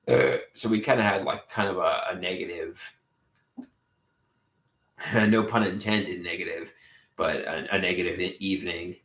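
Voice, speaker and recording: A man's voice: low voice, fairly even intonation, moderate pace, long pauses, fairly bright tone, reverberant. A man livestreaming from his room at home, rambling and swearing, often repeating himself. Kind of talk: rambling live stream monologue.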